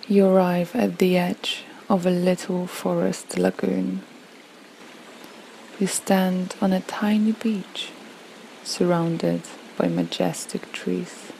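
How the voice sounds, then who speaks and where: A woman guides a relaxation visualization in a slow, soothing voice with long pauses. Her tone is mellow and gravelly. A faint ambient hum sits behind her. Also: on the low side, little pitch movement, rough recording. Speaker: yoga and meditation guide.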